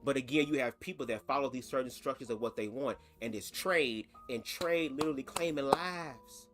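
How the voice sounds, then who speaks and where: A man's voice: mid-range voice, normal speed, music in the background. A man hosting a reaction commentary vlog, talking in a chatty, sassy and profane way. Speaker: commentary host.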